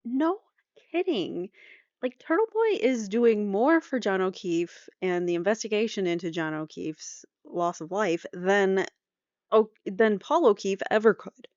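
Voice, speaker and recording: A woman's voice: medium pitch, animated, unhurried, a little mellow, no echo, dull audio. A woman hosting a true crime podcast, giving incredulous, dry commentary. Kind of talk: casual commentary.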